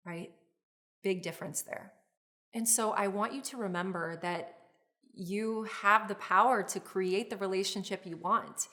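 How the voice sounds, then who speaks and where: A woman's voice: lowish voice, normal speed, a bit bright. A middle-aged woman therapist teaching a relationship course in an earnest, explanatory way. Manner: earnest, explanatory, with acted example phrases. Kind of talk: instructional video lecture.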